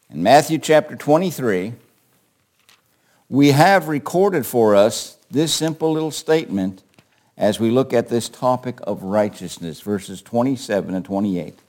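Lively, slow-talking male preacher. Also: medium pitch. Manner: rhetorical questions, swings from quiet to forceful. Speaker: pastor. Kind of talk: sermon.

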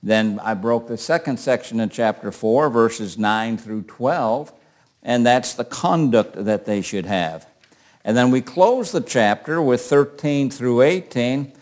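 A man's voice: medium pitch, takes it slowly, darkish tone. An older man teaching a Bible class in a conversational way, asking questions and calling on readers.

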